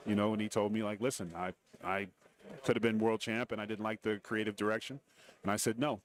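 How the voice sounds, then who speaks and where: Speaking briskly in a fairly low voice, a middle-aged man sits as a guest in a radio row broadcast booth. The former wrestler and TV commentator is an animated storyteller, trading casual interview tales and voicing the people he quotes.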